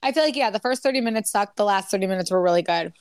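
A woman's voice: mid-range voice, animated, very fast, clean tone, no echo. A chatty woman co-hosting a podcast rambles along, her words piled with fillers. Her voice sits in a middle register, and it is recorded close and dry with no room sound. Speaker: podcast co-host. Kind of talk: casual chat.

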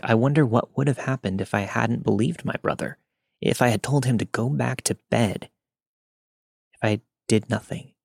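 A man reading scary first-person stories aloud in a steady, even narrator's voice. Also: lowish voice, vocal fry, dry recording, clean studio sound. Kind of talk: scripted horror story narration.

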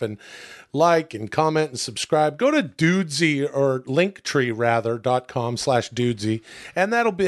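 A man co-hosting a podcast, joking, swearing and bantering casually. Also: medium pitch. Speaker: podcast co-host. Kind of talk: casual chat.

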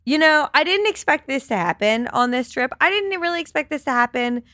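A woman's voice: sits high, lively intonation, brisk, sharp tone, no echo, studio quality. A woman in her thirties hosting a solo podcast, telling a story in a candid, chatty way and swearing freely. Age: 30s. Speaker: podcast host.

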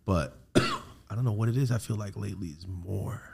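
A man hosting a podcast, telling ghost stories in casual chat, with heavy swearing and animated delivery. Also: lowish voice, normal speed, vocal fry, slight background noise. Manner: profane, animated storytelling. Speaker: podcast host.

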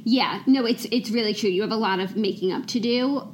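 Female podcast co-host, slightly high voice, casual segue style, faint hiss. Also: fairly quick, low-quality recording. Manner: upbeat, prompting the other host. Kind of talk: casual chat.

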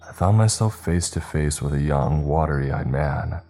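A man narrating a first-person horror story in a measured, tense manner. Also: rumbling low, dark tone. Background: faint music.

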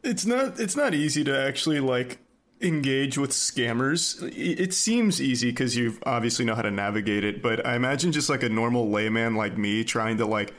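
A man co-hosting a casual podcast, relaxed and rambling with many fillers. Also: mid-range voice, normal speed. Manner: laid-back, rambling, frequent "like". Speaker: podcast co-host.

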